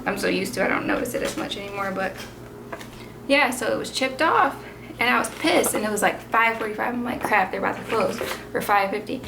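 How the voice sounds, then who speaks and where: A woman in her twenties, a vlogger and mother, telling a story in a casual, animated way with many fillers. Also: mid-range voice, brisk, gravelly. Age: 20s. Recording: noisy home recording.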